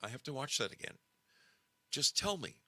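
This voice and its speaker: A man hosting a casual livestream, animated and emphatic, often repeating himself. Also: mid-range voice, moderate pace, no echo. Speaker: show host.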